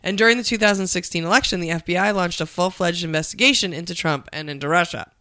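Brief: young woman co-host, bright and smooth, playful and jokey. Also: lowish voice, fast talker, dry recording, studio quality. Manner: playful, jokey, groaning reactions. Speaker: podcast co-host. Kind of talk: casual chat.

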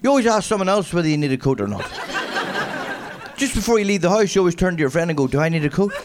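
A young man with a strong accent doing a stand-up comedy set, mumbling and wry in a deadpan way. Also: high voice, rapid-fire. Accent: strong regional accent. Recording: noisy live venue recording.

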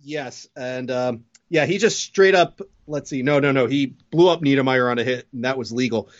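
A man's voice: mid-range voice, normal speed, no room sound, highs cut off. A man co-hosting a podcast, chatting loosely about an old game, rambling and joking. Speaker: podcast co-host. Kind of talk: casual sports chat.

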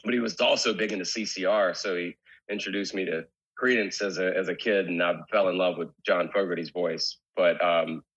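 Brief: man, low husky voice, candid rambling interview guest, slightly muffled recording. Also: steady tone, fairly quick, a bit bright. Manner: candid, rambling with many restarts. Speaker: guest, rock singer. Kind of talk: casual interview chat.

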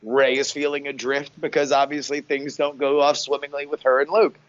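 A man guest on a podcast, giving animated, emphatic opinions in casual chat. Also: medium pitch, a little fast. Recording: dry, slightly dull sound.

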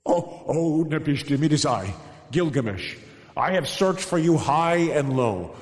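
A man's voice: a little high, expressive, measured pace, pitched above the performer's own voice. A man voicing a proud, desperate male hero who pleads and stammers in a storybook tale. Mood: nervous. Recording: echoey hall reverb.

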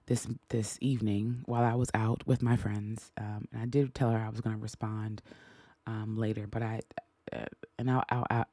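A middle-aged woman hosts her podcast in a mellow, dark-toned voice, speaking earnestly and haltingly with frequent restarts. The sound is dry and close, with no room around her. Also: rumbling low, no echo. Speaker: podcast host. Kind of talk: reflective podcast monologue.

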